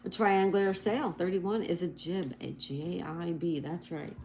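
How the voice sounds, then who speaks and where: Unhurried and steady, a middle-aged livestream host speaks in a lowish, darkish voice over slight background noise. She chats cheerfully, reads out viewer comments, spells crossword answers one letter at a time, and is apologetic when she slips.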